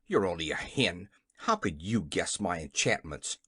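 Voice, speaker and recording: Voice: low voice, sing-song, measured pace, pushed and bright, slightly rough, no room sound, clean studio sound, pitched below the performer's own voice, exaggerated voice. An audiobook reader voicing a small, blustering gnome king who growls and is easily frightened. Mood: growling.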